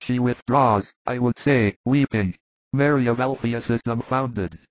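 A man narrating a religious audiobook in a measured, descriptive way. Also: medium pitch, no room sound. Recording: dry, slightly dull sound.

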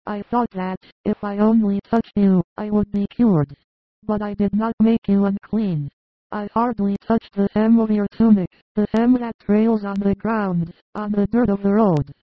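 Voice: medium pitch, dry recording, natural voice. A reader voicing a poor, frail woman of about forty humbly confessing and pleading, in an audiobook. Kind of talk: audiobook reading. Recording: tinny phone-like recording.

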